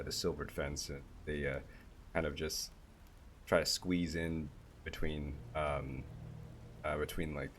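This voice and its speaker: A man narrating a tabletop game as game master, halting and searching for words. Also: very deep voice, a bit bright, a little hiss or hum. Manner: halting, many fillers and restarts.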